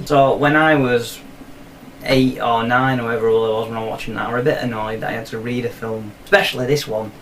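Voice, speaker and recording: A man's voice: mid-range voice, steady tone, a little fast, fairly bright tone, recorded from a distance, a little hiss or hum. A young man hosting a film review show, recapping the plot in a rambling, sweary, jokey way.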